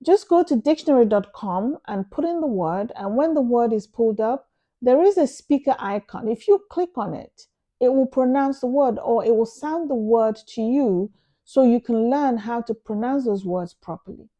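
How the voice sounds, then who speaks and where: A woman's voice: a little high, lively intonation, moderate pace, dark tone. A woman giving casual advice to her viewers in an earnest, emphatic way, repeating phrases for stress. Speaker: vlogger. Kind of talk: casual advice talk to camera.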